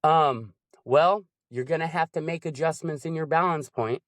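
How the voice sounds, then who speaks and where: A man's voice: on the high side, normal speed, dry recording, clean studio sound. A man in casual chat about coaching, explaining animatedly and acting out examples in different voices.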